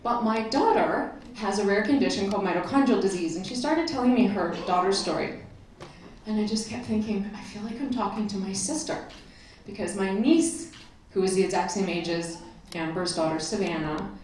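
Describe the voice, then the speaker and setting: A woman's voice: medium pitch, a little mellow, a little hiss or hum. A woman telling a personal story to a convention audience, chatty and openly emotional, laughing now and then. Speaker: convention speaker. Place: convention hall stage. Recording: echoey hall from far off, crowd.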